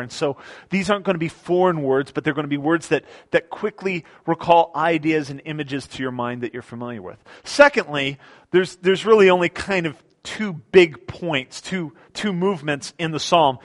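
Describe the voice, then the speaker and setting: Conversational preaching man, slightly higher voice. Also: a bit bright. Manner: conversational preaching with frequent repeated words and restarts. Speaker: pastor. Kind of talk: sermon. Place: church sanctuary.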